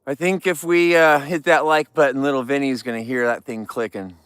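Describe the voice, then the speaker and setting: A man's voice: medium pitch, steady tone, brisk, a bit bright, clean tone, no room sound. A man from California hosting a casual livestream, chatting and joking with viewers while trimming flowers. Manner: chatty, jokey, greets viewers. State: tired. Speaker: livestream host.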